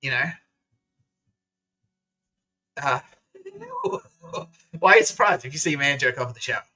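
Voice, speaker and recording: Male podcast host, bright edgy tone, profane sarcastic rant with laughs. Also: a little high, huge pitch swings, a little fast, poor audio. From Australia. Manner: profane, sarcastic, laughs through his words. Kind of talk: casual ranting monologue.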